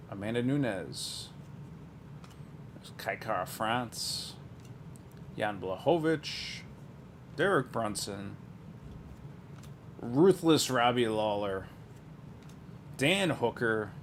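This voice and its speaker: A man's voice: mid-range voice, a little hiss or hum. A man breaking open trading card boxes, giving a casual, rambling running commentary that drifts into asides with small chuckles.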